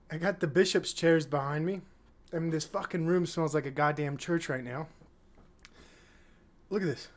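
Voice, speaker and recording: A man's voice: on the high side, brisk. A flustered man hosting his own podcast, out of breath and rambling, swearing often as he fights his camera. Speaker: podcast host. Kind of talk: casual solo podcast chat. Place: small room with chairs, fan running.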